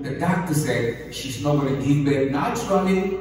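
A man giving a sermon as a guest lecturer in a mosque hall, animated and acting out little scenes with sudden high exclamations. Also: normal speed, few pauses. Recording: distant mic in a very echoey hall.

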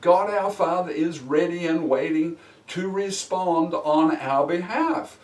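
A man teaching a Bible lesson as a sermon, slow and emphatic, stretching key words for weight. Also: on the high side, darkish tone. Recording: echoey room, mic at a distance.

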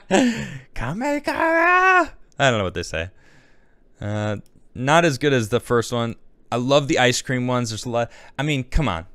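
A male host talks casually through a pile of memes, rambling and thinking out loud as he goes. His voice sits at a middle pitch for a man. The recording is close and dry, with no room sound at all. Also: normal speed, clear, resonant tone, no echo. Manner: rambling, chatty, thinks aloud. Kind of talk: casual commentary, reacting to memes.

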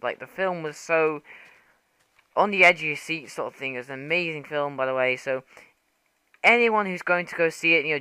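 Young male gaming host, casual and rambling, easily excited, bright edge, dry recording. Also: on the high side, clear, resonant tone, no echo. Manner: rambling, excitable, swears and laughs often. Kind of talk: casual gameplay commentary.

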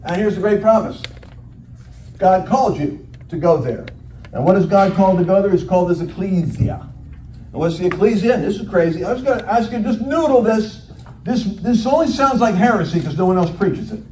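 A man giving an animated, jokey sermon as a guest preacher, acting out quoted voices. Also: high voice, fairly quick. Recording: echoey hall from far off, faint noise.

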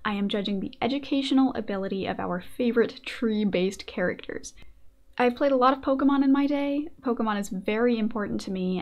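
A woman hosting her own video, a writing teacher giving scripted, casual commentary with playful joking asides. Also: medium pitch. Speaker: video essayist and host.

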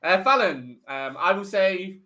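Lively, bright-voiced man game master. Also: sits high, unhurried. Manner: relaxed, laughing, many fillers. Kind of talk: narrating a tabletop game.

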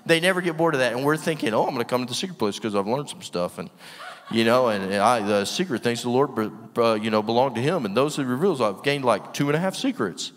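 A guest preacher with a mid-range voice talks fast and with lively intonation, delivering an energetic, emphatic sermon. He throws rhetorical questions at the room and laughs often, his words echoing through a church hall with long reverb.

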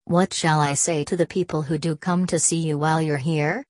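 A woman's voice: low voice, fairly even intonation, a little fast, no room sound, studio quality, lightly acted. A woman voicing a literal-minded male army sergeant who asks polite, puzzled questions. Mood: puzzled, dutiful.

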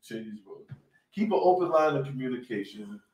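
A male instructor reading child-safety tips aloud on a panel show, halting and correcting himself as he goes. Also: mid-range voice, lively intonation, a crowd in the background. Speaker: self-defense instructor. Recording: roomy sound from a distant mic.

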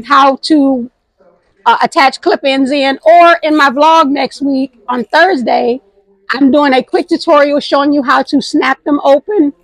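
High-voiced, slightly hoarse woman vlogger. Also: no room sound, rough recording. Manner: lively and affectionate, calls viewers honey. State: slightly hoarse, losing her voice. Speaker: thrift and home vlog host. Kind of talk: casual chatty vlog. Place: outdoor patio at night.

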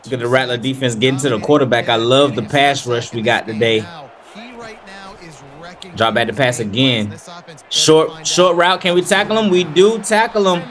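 A young man giving casual play-by-play commentary while playing a football video game, animated, hyped and trash-talking. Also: medium pitch, normal speed. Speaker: gaming video creator.

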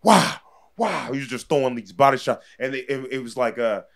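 A man telling a story as a podcast guest, animated and laughing often as he acts out what people said. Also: mid-range voice, fairly quick, gravelly. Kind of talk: casual storytelling.

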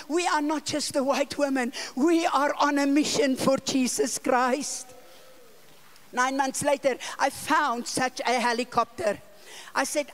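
High-voiced older woman preaching a story. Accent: South African. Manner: animated storyteller, acting out dialogue with sudden loud and soft turns. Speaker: evangelist preacher. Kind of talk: storytelling sermon. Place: church conference hall.

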